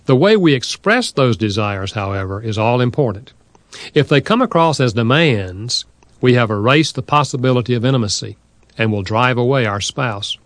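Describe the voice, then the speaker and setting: A man's voice: medium pitch, animated, normal speed, no room sound. Man reading a nonfiction audiobook, dry sound. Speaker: audiobook narrator. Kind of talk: scripted nonfiction narration.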